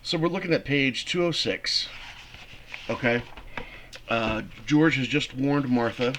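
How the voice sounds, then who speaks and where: A man teaching a theater class, explaining a play in an animated, conversational way. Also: mid-range voice, a little slow, pauses often, noisy background. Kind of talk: classroom lecture.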